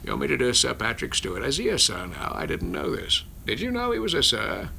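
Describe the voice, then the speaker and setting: At home with his children nearby, a voice actor chats with viewers over a casual phone livestream, rambling through their questions, often stopping himself, and chuckling between answers. His medium-pitched voice swings hugely in pitch and is a little fast, creaky, bright, and forceful, with slight background noise.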